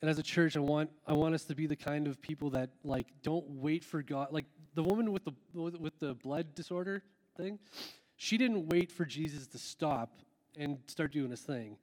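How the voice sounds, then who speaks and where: A worship pastor with a somewhat high voice talks earnestly from a church stage before a song, rambling at a moderate pace with lots of fillers and restarts. The hall has a long, echoing reverb, and soft music plays behind him.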